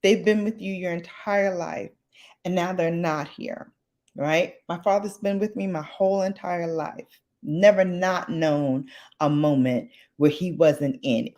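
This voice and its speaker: A middle-aged woman talks to her livestream viewers in a low voice and at an unhurried pace. She speaks from the heart, close to tears, and repeats phrases to press her point. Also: animated, darkish tone. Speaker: livestream host. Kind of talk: late-night livestream chat with viewers.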